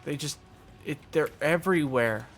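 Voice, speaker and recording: A man's voice: a little high, moderate pace, fairly bright tone, soft background music. A man hosting a gaming channel, giving sarcastic, wry commentary over his own gameplay.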